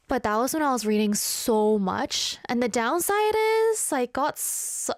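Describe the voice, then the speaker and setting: A woman's voice: on the high side, dry recording. Playful, chatty woman radio host. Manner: chatty, playful and self-mocking. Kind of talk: casual chat reading listener messages. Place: radio studio.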